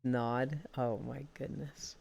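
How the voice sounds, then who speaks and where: A woman's voice: a bass voice, slow, gravelly. A woman streamer chatting casually and telling stories, swearing freely as she goes. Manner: swears freely, animated storytelling. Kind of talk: casual chat while walking.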